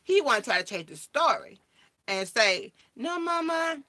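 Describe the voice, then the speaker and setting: A woman vlogger telling a story in casual chat, animated and acting out the voices of the people she quotes. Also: medium pitch, normal speed.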